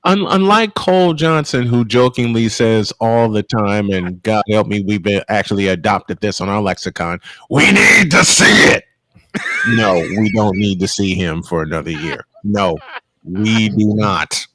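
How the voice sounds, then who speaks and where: A man's voice: on the low side, normal speed, no room sound. A man hosting a casual sports podcast, joking and laughing often. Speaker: podcast host. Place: home studio.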